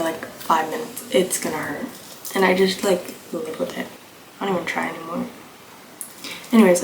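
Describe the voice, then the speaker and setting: A slightly hoarse young woman chatting casually through a makeup tutorial, rambling and full of fillers, recorded on a phone camera at home. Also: lowish voice, dark tone. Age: young adult. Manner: rambling, filler-heavy, offhand. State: slightly hoarse, coming down with a cold. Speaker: beauty vlogger. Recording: echoey room with clear background noise.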